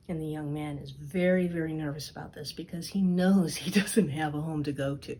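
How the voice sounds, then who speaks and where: A woman storyteller telling a fairy tale aloud, expressive and dipping into whispers. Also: sits low, husky. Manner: slow, expressive, dips into whispers. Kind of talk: storytime narration.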